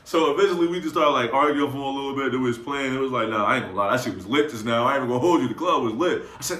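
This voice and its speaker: Young man, bright forceful voice, animated slangy storyteller, roomy echo. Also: medium pitch, very fast, hardly any pauses. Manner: animated, slangy, acts out quotes. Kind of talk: casual storytime anecdote.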